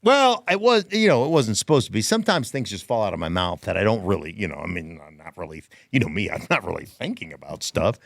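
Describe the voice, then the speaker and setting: Animated man hosting a sports podcast. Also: lowish voice, quick pace, gravelly, few pauses, no room sound, studio quality. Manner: animated storyteller, emphatic repetition. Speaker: podcast host, former player and analyst. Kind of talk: casual sports podcast chat.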